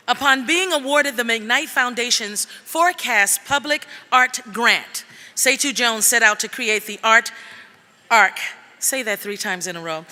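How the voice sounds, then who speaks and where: A woman's voice: fairly high pitch, bright, forceful tone. A woman emcee at a gala reading out auction items with chatty joking asides. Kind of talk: reading item descriptions with asides. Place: gala event hall. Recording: long reverb of a big hall.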